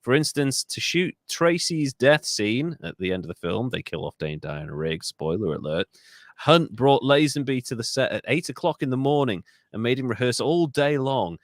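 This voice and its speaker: A man's voice: medium pitch, sing-song, normal speed, dry recording, clean studio sound. A man co-hosting a comedic history podcast, telling stories in casual chat, swearing freely and slipping into mock voices. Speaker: podcast co-host.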